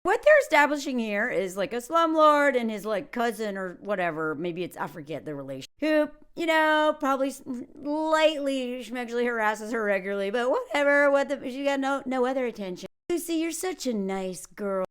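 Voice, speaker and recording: A woman's voice: a little high, lively intonation, brisk, hardly any pauses, a bit bright, clear, resonant tone. A woman reviewing a movie in a sarcastic, mocking tone, often switching into put-on voices to make fun of the characters. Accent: Southern American put on for jokes. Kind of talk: casual comedic movie review.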